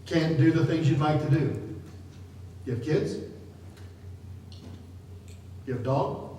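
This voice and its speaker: A man's voice: on the high side, moderate pace, mellow. Middle-aged man, seminar speaker, jokey and chatty, far from mic, echoing hall, background noise. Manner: jokey and chatty, often laughing. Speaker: guest speaker at a live seminar. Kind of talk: casual seminar talk to a live audience. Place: large room with an audience. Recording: distant, echoey hall with noise.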